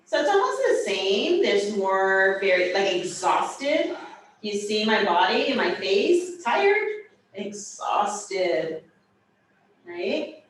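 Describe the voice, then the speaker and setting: A woman teaching a sign language class, explaining each sign slowly with playful asides. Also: medium pitch. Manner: slow, animated, playful explanations. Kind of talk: teaching a hybrid class, demonstrating signs. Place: classroom, in person and over video call. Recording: roomy echo, far from the mic, faint room noise.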